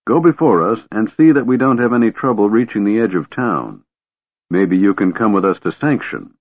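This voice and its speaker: A big, gruff male warrior barking commands, voiced by a man reading the audiobook. His voice sits very low and blunt. The audio is narrow and phone-like. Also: lively intonation, moderate pace. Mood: commanding. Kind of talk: audiobook character voice.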